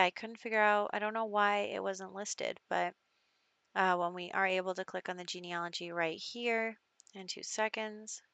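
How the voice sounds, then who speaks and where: A woman's voice: fairly low pitch, vocal fry, a bit bright, clean tone, dry recording. A young woman casually narrating her gameplay as the show's host, telling the story in a chatty way with fillers. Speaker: gaming video host.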